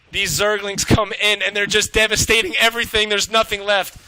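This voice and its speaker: Brief: male esports caster, high and very bright voice, excitable, profane play-by-play. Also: smooth, poor audio. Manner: excitable, swearing, rapid reactions. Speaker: esports shoutcaster. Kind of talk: live play-by-play game commentary.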